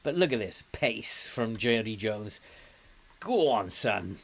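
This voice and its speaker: A man's voice: fairly low pitch, animated, slow pace, gravelly, fairly bright tone. An older man from England giving casual commentary while playing a football management game, chatty and laughing often, cheering his team on. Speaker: game streamer.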